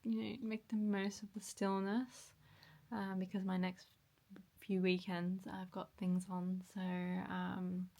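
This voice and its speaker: A woman vlogging in a casual chatty way, with frequent ums and soft half-whispered asides, in a morning voice. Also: mid-range voice, monotone, slow. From Australia. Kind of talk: casual vlog chat.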